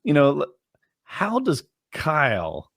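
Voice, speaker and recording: Lively, laid-back podcast co-host. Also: male voice, on the high side, takes it slowly, gravelly, husky, dry recording, clean studio sound. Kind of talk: casual podcast banter.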